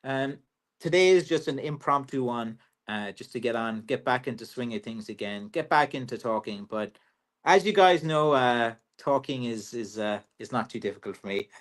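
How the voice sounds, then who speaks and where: An Irishman runs a casual livestream, fielding viewer questions about his walking sticks. Chatty and joking, he uses plenty of ums and uhs, speaking at a moderate pace with lively intonation in an ordinary middle-pitched voice.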